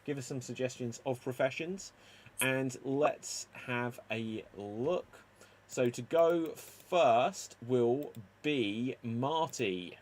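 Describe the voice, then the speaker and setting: A man with a mid-pitched voice hosts an improv show over a video call. He talks briskly and teases the players as he keeps the games moving. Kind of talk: hosting a live online improv show.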